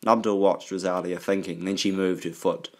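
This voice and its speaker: Low-voiced man narrating an audiobook. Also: fairly even intonation, moderate pace, a little mellow.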